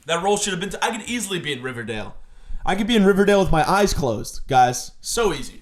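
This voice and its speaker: Young male comic host, fairly high voice, mock-indignant rant delivery. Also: expressive, fast, fairly bright tone. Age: 20s. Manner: mock-indignant, exaggerated complaining. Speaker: comedy podcast host. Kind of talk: comedic rant monologue.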